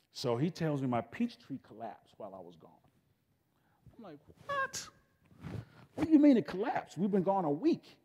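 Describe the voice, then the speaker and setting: A middle-aged man, a guest speaker telling a homespun story to students in a folksy, animated way, often breaking off and restarting his sentences. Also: on the low side. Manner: folksy, animated, self-interrupting, casual grammar. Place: school event space. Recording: long hall reverb.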